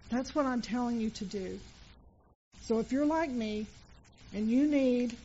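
A woman's voice: on the high side, normal speed, long pauses, mellow, muffled recording, slight background noise. A middle-aged woman preaching a sermon in church, telling stories in a conversational way and making earnest appeals to the congregation. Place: church sanctuary.

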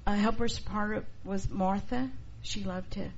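A middle-aged woman teaching a church class, expressive and acting out the people she quotes. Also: medium pitch, moderate pace. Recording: dull lo-fi recording, faint noise.

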